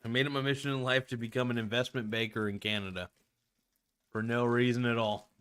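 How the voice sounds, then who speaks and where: A man's voice: mid-range voice, steady tone, fairly quick, fairly bright tone, clean tone. A man hosting a casual reaction video, talking in a laid-back, slangy way with plenty of swearing while he snacks on crackers.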